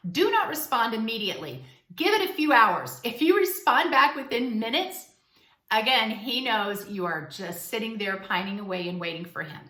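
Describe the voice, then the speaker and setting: A woman's voice: mid-range voice, bright, forceful tone. A woman giving relationship advice straight to camera in a casual, emphatic, coaching way. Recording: roomy echo.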